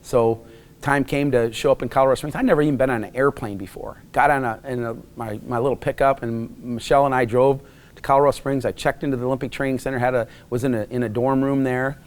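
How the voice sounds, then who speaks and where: A middle-aged man from Wisconsin, USA, tells a rambling personal story in a casual interview, restarting often and acting out quotes. His mid-range voice is fast with a steady tone.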